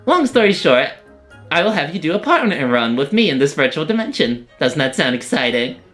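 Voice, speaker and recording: Streamer doing an excitable female scientist horse girl; rapid lecturing, soft music bed. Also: medium pitch. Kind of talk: game story read-along.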